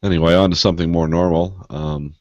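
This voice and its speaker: A man co-hosting a podcast in casual banter, deadpan and self-mocking, laughing at his own jokes. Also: low voice, brisk, no room sound, lo-fi sound. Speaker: podcast co-host.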